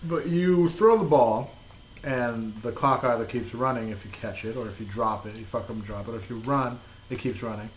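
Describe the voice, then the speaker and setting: A man's voice: medium pitch, moderate pace, reverberant, poor audio. Man, podcast co-host, goofy banter, jokey, faint background hum. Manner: joking, goofy, ends lines with "man".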